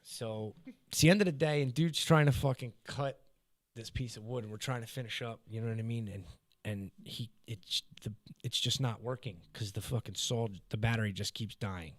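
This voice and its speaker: A man hosting a podcast, telling a work story in casual chat, swearing freely and getting loud when he mimics coworkers. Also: mid-range voice, normal speed, no echo. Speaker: podcast host. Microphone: studio podcast mic.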